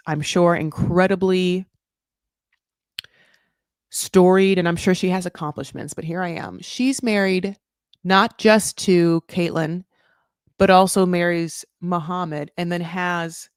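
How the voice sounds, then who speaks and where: A woman hosting a casual recap chat, rambling through tangents and correcting herself, with sudden jumps up in pitch. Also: clean tone, no echo, studio quality. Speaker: recap show host.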